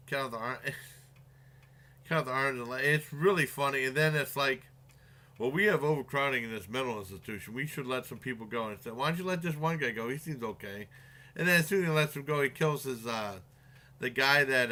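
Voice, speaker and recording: A man's voice: mid-range voice, pushed and bright. A man casually retelling a movie's plot in a review, rambling with many fillers and restarts and chuckling along.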